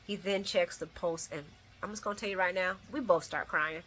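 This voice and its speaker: Woman doing a soap recap, really bright voice, emotional and rambly. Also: fairly low pitch, fairly quick, a little hiss or hum. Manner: emotional, rambling, shouts at the screen. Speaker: soap opera recap host. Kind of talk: casual spoken recap.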